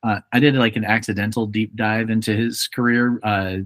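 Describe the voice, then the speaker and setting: A man's voice: lowish voice, flat delivery, moderate pace, dry recording. A young adult man hosting a podcast, chatting casually and joking as he acts out little quotes. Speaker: podcast host. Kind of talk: casual chat.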